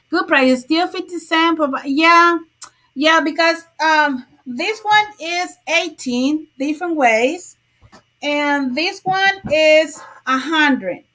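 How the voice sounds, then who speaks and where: A woman's voice: high-pitched, expressive, takes it slowly, bright, forceful tone. A woman hosting a crochet livestream, chatting casually, greeting viewers by name and laughing often.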